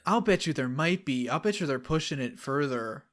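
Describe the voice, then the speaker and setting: A man's voice: on the high side, animated, normal speed, over a noisy crowd. A young man co-hosting a pop-culture podcast, chatting casually and jokingly, swearing a lot and restarting his sentences. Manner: swears often, jokey, lots of fillers and restarts. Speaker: podcast co-host. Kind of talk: casual chat.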